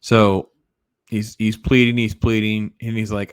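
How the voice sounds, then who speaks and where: Low-voiced enthusiastic man chatting. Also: level tone, a little slow, clean tone, no echo, studio quality. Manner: enthusiastic, rambling, lots of fillers. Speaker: comic book collector. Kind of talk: casual video chat.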